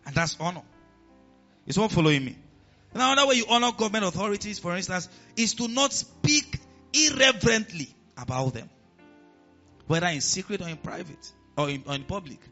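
A man with a Nigerian accent preaching a sermon as pastor, animated and often asking the congregation questions. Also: high voice, brisk, muffled recording, soft background music.

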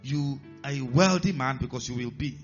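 A Nigerian man preaching a sermon in a church, animated, acting out characters and rising to shouts. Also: mid-range voice, moderate pace. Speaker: pastor. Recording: dull lo-fi sound, faint music behind.

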